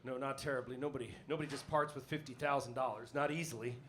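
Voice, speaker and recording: A man's voice: medium pitch, fast, a little hiss or hum. A man playing a tabletop role-playing game, talking casually and unsure of the rules. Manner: relaxed, unsure about rules. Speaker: player.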